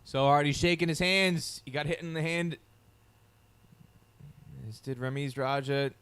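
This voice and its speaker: A man's voice: on the high side, steady tone, measured pace, a bit bright, clear, resonant tone. A man commentating live on a cricket match, giving detailed analysis of the bowling and fielding.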